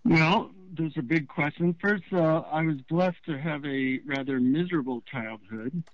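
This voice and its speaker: A man, an author being interviewed, tells stories in a relaxed, halting way with fillers. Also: fairly high pitch, no echo. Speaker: author guest. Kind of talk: storytelling interview answers. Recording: dull lo-fi radio sound.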